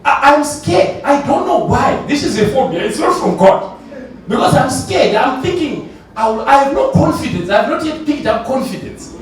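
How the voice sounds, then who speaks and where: Man from Zimbabwe, church elder, very high voice, testimony in a roomy hall. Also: moderate pace, faint music behind. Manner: animated, laughing, repeats himself. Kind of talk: conference testimony. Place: large conference hall. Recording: echoey hall from far off, faint noise.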